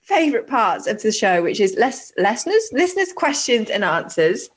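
A woman's voice: on the high side, very animated, moderate pace. A woman co-hosting a casual podcast, giggly and gushing, swearing freely. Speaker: podcast co-host.

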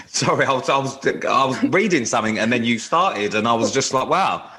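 A man's voice: mid-range voice, animated, a little fast, sharp tone. A man co-hosting a podcast in casual chat, with dry teasing banter. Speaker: podcast co-host.

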